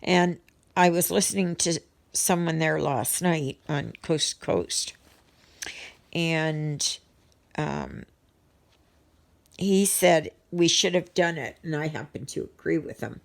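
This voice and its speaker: A middle-aged vlogger's low, gravelly voice comes through slowly, with frequent pauses, as she chats to her viewers over her stitching. Her talk is casual and rambling, peppered with ums and restarts.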